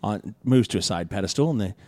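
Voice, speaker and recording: A man narrating a tabletop role-playing game as game master, who gives the players brisk directions. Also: on the low side, lively intonation, dark tone, no room sound. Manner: voices the king's advisor in character, brisk table directions.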